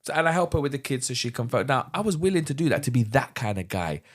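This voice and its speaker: A man's voice: mid-range voice, quick pace. A middle-aged man, a podcast guest, candidly retelling a personal story and acting out the dialogue. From London. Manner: animated, vivid retelling with acted-out dialogue.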